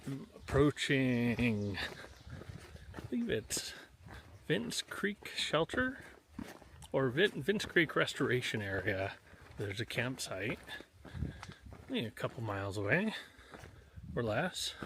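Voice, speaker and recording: A man hiking outdoors on a forest trail, chatting casually to the camera as he walks, pausing often. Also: mid-range voice, very animated, fairly bright tone, slight background noise. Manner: chatty, unhurried, pauses often. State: panting on uphill. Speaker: hiker vlogger.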